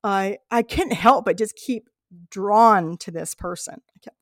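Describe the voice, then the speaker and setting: With an unhurried, mid-range voice, a woman podcaster from the US shares earnest, reflective, heartfelt tales of her own travels. The sound is clean studio audio with no echo.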